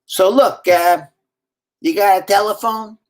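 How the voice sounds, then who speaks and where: A man voicing a cocky, streetwise man with a raspy New Orleans accent who talks in a brash, offhand way. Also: sits high, measured pace, pitched above the performer's own voice.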